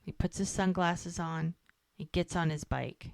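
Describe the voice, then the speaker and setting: With a creaky, lower-pitched voice at a measured pace, a woman recaps a TV episode in casual podcast chat, animatedly voicing the characters' quotes herself. The recording has no echo.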